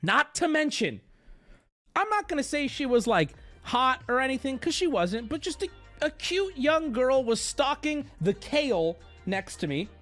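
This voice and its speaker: Animated, foul-mouthed ranting man. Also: very high-pitched, measured pace, soft background music. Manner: animated, profane, self-mocking, ranting. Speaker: streamer. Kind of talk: storytime rant on a livestream.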